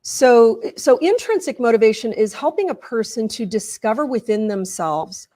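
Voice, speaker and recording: A woman's voice: fairly high pitch, expressive, moderate pace, warm tone. Earnest woman explaining with stories. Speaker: guest. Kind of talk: explaining in a podcast interview.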